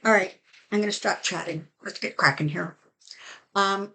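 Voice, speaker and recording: A woman's voice: mid-range voice, steady tone, moderate pace, creaky, long pauses, bright, forceful tone. A middle-aged woman tarot reader talking casually and with strong opinions, full of fillers, as she reads cards for her channel. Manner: chatty, opinionated, many fillers. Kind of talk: casual channel talk with card reading.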